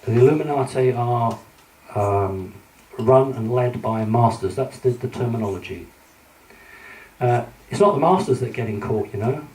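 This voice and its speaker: Delivering a slide-based conference talk, this British speaker has a medium-pitched, somewhat dark voice and talks at a normal speed. His tone is earnest and warning, though he stumbles through many fillers and restarts. It's picked up from far away in a big echoing conference hall, with a light hiss underneath.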